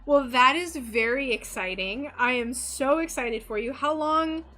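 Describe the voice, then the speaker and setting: A young woman streaming her stained glass work chats with viewers in a casual, bubbly, gushing way. She's unhurried, and her high voice is pushed and bright.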